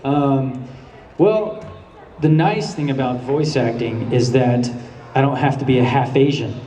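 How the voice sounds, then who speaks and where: A man's voice: mid-range voice, a little slow, noisy background. A man answering questions as the voice actor guest on a convention panel, laid-back and laughing often as he tells stories. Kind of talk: panel Q&A storytelling. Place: large convention hall. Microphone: handheld camera far from the stage. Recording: echoey hall from far off, audience. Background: audience murmurs and laughter.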